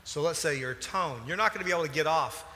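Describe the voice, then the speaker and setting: A man preaching a sermon as a pastor, animated and emphatic, with sudden loud bursts. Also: a little high, fast talker. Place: church hall. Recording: large hall reverb.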